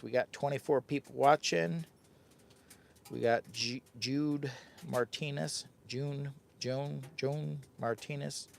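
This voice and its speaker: A man in his fifties with a Midwestern American accent, live streaming from a hot tent while camping. He rattles along in a hyper, jokey ramble and drifts into sing-song asides. His voice sits at an ordinary middle pitch, with faint background noise. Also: vocal fry. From United States. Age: 50s. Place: tent with a stove on a windy day, outdoors.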